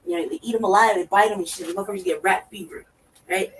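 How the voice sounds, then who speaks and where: A woman co-hosting a talk show, telling a profane story in a lively way and acting out her own reactions. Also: medium pitch, fast talker. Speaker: podcast co-host. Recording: distant mic with faint noise.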